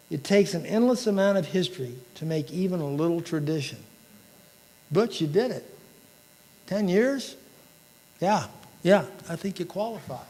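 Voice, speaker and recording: A man's voice: fairly high pitch, darkish tone. A man giving an emotional, inspirational banquet keynote speech, quoting famous sayings. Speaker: keynote speaker. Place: large banquet hall. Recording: reverberant hall.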